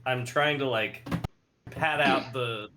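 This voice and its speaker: A man playing a tabletop game, animated, comic and profane. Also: medium pitch, slow pace, music in the background. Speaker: player. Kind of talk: casual tabletop play.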